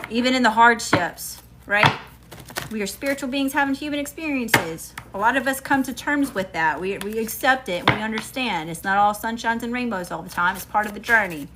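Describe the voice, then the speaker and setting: A tarot reader from Mississippi speaks with a Southern accent in a medium-pitched voice at a moderate pace, against a noisy background. Her reading to viewers is chatty, emphatic and slangy, peppered with "y'all" and "okay?".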